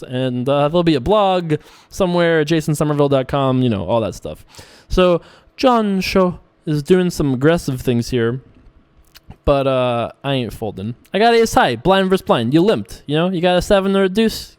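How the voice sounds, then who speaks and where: A man's voice: a little high, darkish tone, clear, resonant tone. A man casually commentating his own online poker session, joking and laughing often. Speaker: poker streamer.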